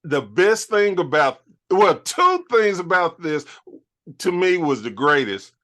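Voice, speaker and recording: A man co-hosting a casual wrestling chat who takes his time with every line. His high, bright voice swings widely in pitch and goes from low mutters to loud outbursts. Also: big pitch swings, slow. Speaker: co-host.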